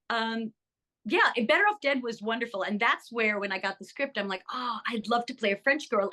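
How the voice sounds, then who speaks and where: Bright, enthusiastic older actress. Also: female voice, medium pitch. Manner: enthusiastic, animated, lots of fillers. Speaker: actress and interview guest. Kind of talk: casual interview chat.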